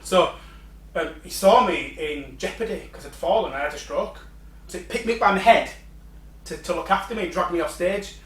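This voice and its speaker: A man's voice: high-pitched, brisk, fairly bright tone, far from the mic. A man co-hosting a casual podcast, telling a story and swearing, acting out quotes. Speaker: podcast co-host. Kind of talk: casual chat. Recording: echoey room, set back from the mic.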